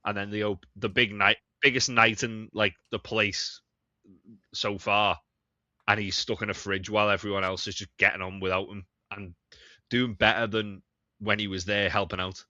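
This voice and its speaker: A man with a low, very bright voice chats on a podcast, often swearing and restarting his sentences. The audio is a little muffled and dry, with no room sound. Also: flat delivery, no room sound. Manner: halting, sweary. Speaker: podcast co-host. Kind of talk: casual chat.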